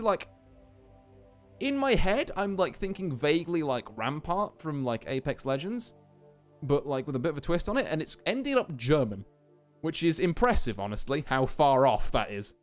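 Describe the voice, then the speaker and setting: A man's voice: fairly high pitch, very animated, normal speed, soft background music. A young man streaming a game, chatting casually with self-mocking, swearing asides. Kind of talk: casual chat while gaming.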